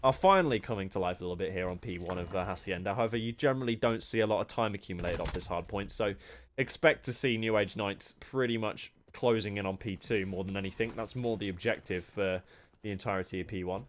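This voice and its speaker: A young English man casting an esports match, joking between rounds and calling plays briskly. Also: fairly low pitch, a little hiss or hum. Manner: joking banter, then brisk play-by-play. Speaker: esports caster. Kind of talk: live match commentary.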